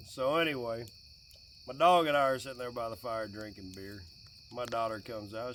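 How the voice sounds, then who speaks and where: A man in his late forties chatting casually and jokingly by a campfire outdoors, getting animated when quoting his kid. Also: mid-range voice, normal speed, far from the mic, slight background noise. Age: 40s. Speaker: vlogger. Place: outdoors by a fire at night with crickets.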